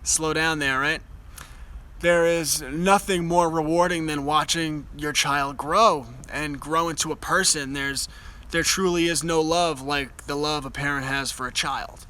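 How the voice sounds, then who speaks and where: A man's voice: fairly high pitch, fairly even intonation, unhurried, pushed and bright, low-quality recording. A young man speaking live from outdoors by a fire, earnest and enthusiastic, often restarting his sentences. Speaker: host. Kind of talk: casual live chat.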